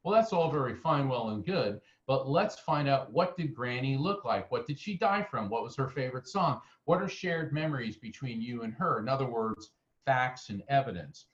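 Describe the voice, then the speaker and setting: An animated American man, a guest medium being interviewed, tells stories and acts out what others said. He has a medium pitch and talks at normal speed, and the recording is muffled.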